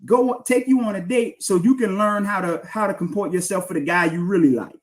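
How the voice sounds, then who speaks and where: A man's voice: sits high, brisk. A man ranting on a replayed livestream, indignant and mocking. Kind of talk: livestream rant played back.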